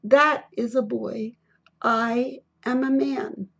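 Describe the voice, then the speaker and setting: A woman reading the part of a proud preacher father who speaks in a quiet but very firm way, on a dull lo-fi recording. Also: fairly high pitch, steady tone, slow, gravelly, slightly rough, full character voice.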